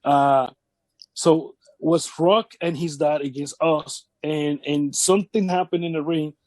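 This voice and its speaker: Man with a high voice telling wrestling stories. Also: fairly even intonation, darkish tone, dry recording. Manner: halting, repeats words, acts out quotes of others. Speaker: wrestling veteran interviewee. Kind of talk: casual shoot interview storytelling.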